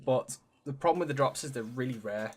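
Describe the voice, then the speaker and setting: A man's voice: mid-range voice, fairly quick, a little mellow. A young man co-hosting a podcast, chatting casually about video games in a rambling way with casual swearing. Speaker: podcast co-host.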